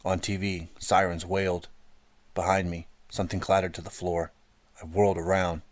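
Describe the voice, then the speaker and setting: A man narrating an audiobook in a steady first-person storytelling manner, close to the mic. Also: low-pitched, normal speed, dry recording. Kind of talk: scripted narration.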